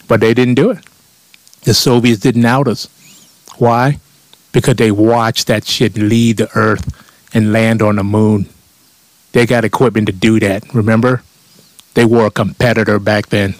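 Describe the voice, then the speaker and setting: A man's voice: fairly low pitch, level tone, normal speed, no echo. A man delivering a blunt, profane comedic rant and mocking his critics.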